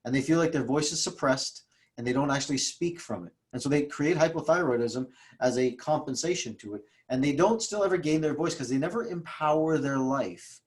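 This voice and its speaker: A man's voice: fairly high pitch, brisk. A man telling stories in a casual interview, emphatic and often repeating himself. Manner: emphatic, repetitive, restarts often. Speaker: guest speaker, trauma coach.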